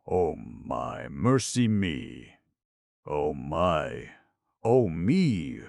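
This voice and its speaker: A man voicing a little red male djinn wizard, jolly, excitable and fussy in his exclamations. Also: very deep voice, a little slow, gravelly, no echo, studio quality, full character voice. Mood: agitated.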